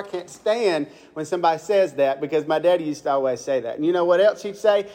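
A young man from Mississippi preaches with a Southern accent, his voice sitting high for a man. He tells homespun stories and keeps turning to the congregation with questions. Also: expressive, quick pace, few pauses, background noise. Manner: folksy, asks the congregation questions. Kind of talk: folksy storytelling sermon.

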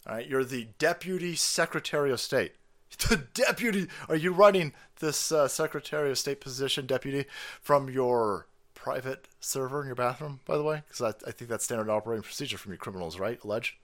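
A man's voice: medium pitch, fairly quick, a bit bright. A man hosting a stream, ranting in angry, swearing, mocking commentary on a played clip. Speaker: stream host.

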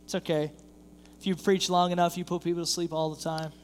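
High-voiced pastor preaching in a reverberant hall. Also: male voice, level tone, brisk, a little hiss or hum. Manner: storytelling, acts out quoted voices, builds in intensity. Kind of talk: sermon. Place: church sanctuary.

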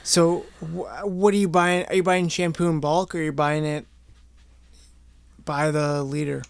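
A high-pitched man hosts a loose podcast chat over drinks. He teases his guests and keeps looping back on the same phrases. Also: level tone, measured pace, creaky, clean tone, dry recording. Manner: joking, teasing, repeats himself. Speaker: podcast host.

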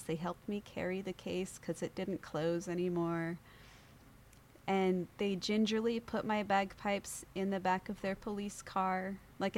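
A woman guest on an interview show, telling a story in a lively way, acting out other people's voices and laughing often. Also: mid-range voice, slight background noise. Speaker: podcast guest.

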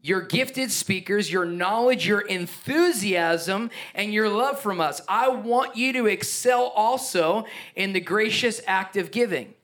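Speaking a little slowly, a pastor gives an energetic, emphatic sermon in a fairly high male voice, punctuated by playful asides and a chuckle.

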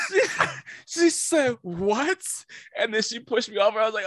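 A man's voice: extremely high pitch, slow, long pauses, fairly bright tone, no echo, studio quality. A man co-hosting a podcast, telling loose, profane stories in casual chat and often breaking into laughter. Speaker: podcast co-host.

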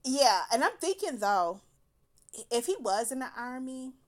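Animated woman telling a wild story. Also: high-pitched, unhurried. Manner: animated, profane, laughing through her words. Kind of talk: casual personal storytelling.

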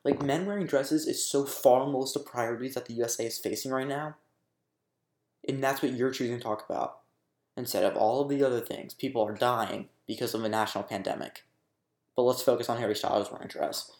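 A man's voice: medium pitch, a little fast, a little mellow, roomy sound. A young man delivering a casual commentary rant, exasperated and sarcastic, swearing freely. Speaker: commentary YouTuber.

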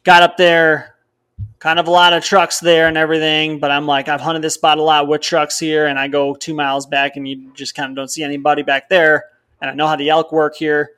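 A man's voice: on the high side, brisk, clean tone. A young man from Wisconsin, co-hosting a podcast, rambling through a hunting story and acting out what others said. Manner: rambling storyteller, animated, quotes others in dialogue. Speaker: podcast co-host.

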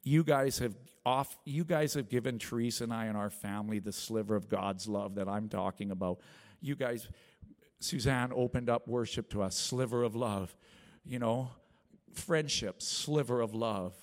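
A man's voice: normal speed, big-room sound. A man in his forties giving a rambling, earnest testimony sermon to a small church congregation, with many restarts. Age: 40s. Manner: rambling, earnest, with many restarts and acted quotes that rise high. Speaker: lay preacher sharing testimony.

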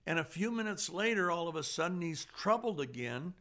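Gravelly guy preaching, earnest, gets loud then goes real soft. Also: on the high side, very animated, a little slow. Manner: earnest, swings between loud emphasis and hushed softness. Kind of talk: sermon.

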